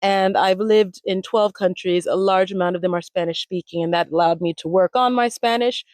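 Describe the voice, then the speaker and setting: A woman in her forties speaks at an ordinary middle pitch as an interview guest. She tells her stories with animation and now and then slips into the voices of the people she quotes. The recording is close and dry. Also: steady tone, moderate pace, a little mellow, no room sound. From United States. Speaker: language retreat founder, interview guest. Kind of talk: conversational interview storytelling.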